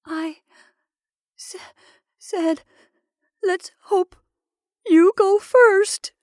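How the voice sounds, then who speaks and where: A woman voicing a meek, sly wife who talks softly in a high, plaintive voice. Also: lively intonation, a little slow, dry recording, studio quality. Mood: tearful.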